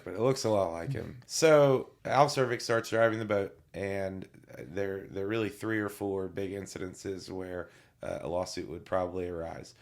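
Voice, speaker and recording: A man with a fairly low voice co-hosting a podcast. He talks casually and recaps scenes with a dry, light humor, sometimes tripping over his words as he goes. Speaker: podcast co-host, attorney. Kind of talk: casual legal discussion.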